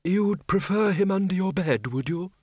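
A man voicing a very old dead wizard in a storybook reading, speaking quickly and slyly to persuade. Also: high voice, lively intonation, a little mellow, husky, dry recording, studio quality, pitched above the performer's own voice.

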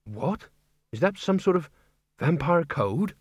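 A man's voice: on the high side, sing-song, slow, husky, no room sound, studio quality, voice pushed up, heavily acted. A man voicing a nervous, anxious male zombie. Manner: anxious, whispery.

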